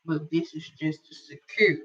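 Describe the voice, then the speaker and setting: A woman's voice: sits low, normal speed, fairly bright tone, far from the mic. A woman teaching a casual sewing tutorial as a quilting instructor, chatting and thinking aloud while she works. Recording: dull lo-fi sound from away from the mic.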